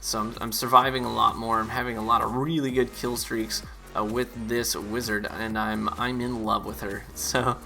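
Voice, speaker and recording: A man giving relaxed, chatty gameplay commentary as a streamer. He uses lots of fillers and laughs easily. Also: mid-range voice, moderate pace, creaky, few pauses, soft background music. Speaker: gaming YouTuber and streamer.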